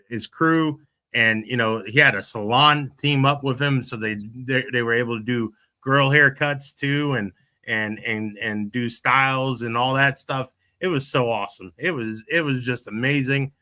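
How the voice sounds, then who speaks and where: A man's voice: mid-range voice, moderate pace, sharp tone. A middle-aged man, hosting a casual podcast chat and rambling with many restarts and fillers. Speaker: podcast host.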